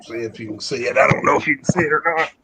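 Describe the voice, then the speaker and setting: A man's voice: medium pitch, very fast, pushed and bright, a little hiss or hum. A man in his fifties with a mild, shifting Southern US accent, chatting in an easygoing, rambling way as a truck driver guest on a live stream. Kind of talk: casual live-stream chat.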